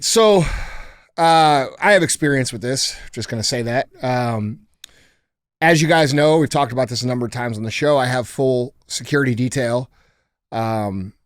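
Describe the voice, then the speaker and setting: Blunt, profane podcast host. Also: male voice, medium pitch. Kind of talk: casual podcast storytelling. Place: podcast studio.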